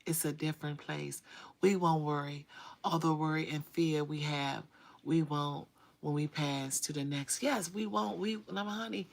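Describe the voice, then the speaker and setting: A middle-aged woman hosts a casual livestream, greeting viewers with terms like baby and sugar. Her voice sits low, with a gravelly, fry-edged texture. She talks in an animated, drawling manner, close to a phone mic. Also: measured pace. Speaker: livestream host.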